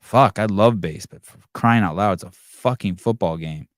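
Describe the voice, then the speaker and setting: A male podcast host in casual chat, ranting in a profane, animated way. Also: fairly low pitch, normal speed, no echo, clean studio sound.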